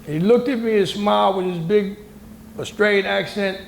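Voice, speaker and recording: An older man from the United States, gravelly and high-voiced, tells a story at a moderate pace while serving as a panel guest in a moderated discussion at a university hall. He acts out others' words in a lively, colloquial, emphatic way. The roomy hall recording carries a slight hiss or hum.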